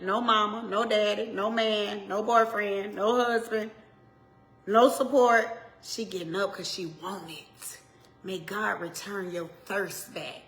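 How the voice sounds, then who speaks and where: A woman minister in her forties delivers a motivational exhortation to her viewers. Her voice is gravelly, with a bright, forceful edge. She hammers her points with repetition and moves between loud urging and quiet asides. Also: mid-range voice. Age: 40s.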